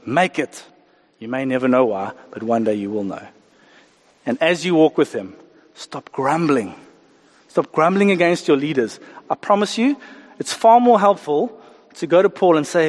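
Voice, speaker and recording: A man preaches a lively sermon, acting out little voices for the people he talks about. His voice sits a little high for a man. The sound trails off in the long echo of a church hall. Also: normal speed. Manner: animated, acts out voices of people and God. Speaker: pastor.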